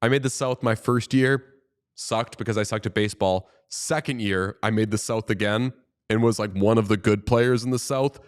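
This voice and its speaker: A man co-hosting a sports podcast in casual chat, animated and joking, swearing freely. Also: fairly low pitch, normal speed, smooth. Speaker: podcast co-host.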